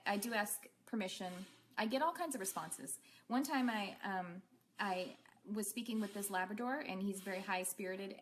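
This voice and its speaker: A woman's voice: mid-range voice, fairly bright tone, a little hiss or hum. A woman teaching a casual online class as an animal communicator, rambling along with many fillers and restarts.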